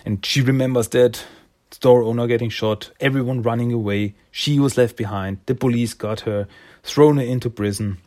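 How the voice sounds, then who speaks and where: A man's voice: medium pitch, fairly even intonation, normal speed, a little mellow. A man casually recapping a comic issue, rambling and loose with many fillers. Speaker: comic reviewer.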